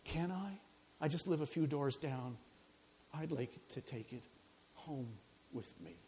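A man voicing a shy, timid woman nearing forty, speaking softly and hesitantly. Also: medium pitch, animated, unhurried, a little hiss or hum, close to an everyday voice. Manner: soft, hesitant, quiet.

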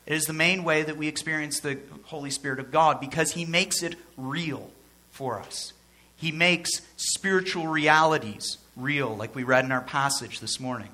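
Bright-voiced male pastor preaching. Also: a little high, moderate pace. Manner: conversational, joking asides, repeats for emphasis. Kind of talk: sermon.

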